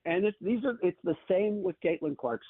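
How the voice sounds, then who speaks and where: A man's voice: high-pitched, animated, moderate pace, husky, dry recording. A man, a sports journalist guest on a radio show, ranting with passion and sarcasm while calling in by phone. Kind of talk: opinionated radio commentary. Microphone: phone call into radio show. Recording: tinny phone line.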